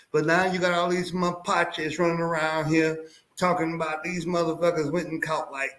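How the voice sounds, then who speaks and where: A Texan man with a high, bright voice holds forth in a loose, profane chat. He tells stories with big swings of energy, and the sound rings around a roomy, echoey space. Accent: Texas. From Houston, Texas. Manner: profane, animated storyteller. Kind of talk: casual chat. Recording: roomy echo.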